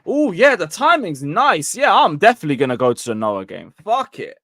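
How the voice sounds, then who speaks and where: Sweary football fan, dry mic. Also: male voice, high voice, very animated, a little fast, pushed and bright, no room sound. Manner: blunt, sweary, rambling, reading chat comments. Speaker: football fan channel host. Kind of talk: casual live match review.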